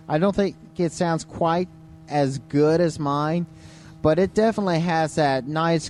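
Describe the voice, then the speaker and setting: A man's voice: a little high, darkish tone. Tired man rambling on a live stream. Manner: rambling, chuckles often. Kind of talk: casual live-stream chat. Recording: faint hum, compressed live stream.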